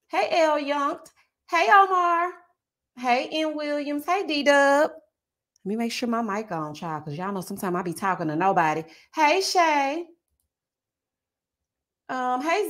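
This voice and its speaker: A woman hosting a casual live stream, talking in a sassy, animated way and calling her viewers honey and child. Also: sits high. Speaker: YouTube live-stream host.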